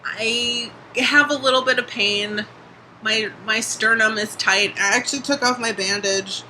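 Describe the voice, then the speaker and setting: Chatty young vlogger with a very bright voice. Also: medium pitch, steady tone, a little slow, slight background noise, rough recording. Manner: chatty, heavy use of "like", casual swearing. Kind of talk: casual video diary.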